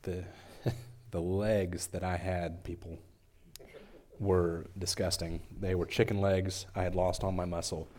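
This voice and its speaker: A young man giving an earnest, emotional testimony at church, halting and restarting as he speaks. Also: deep voice, little pitch movement, darkish tone.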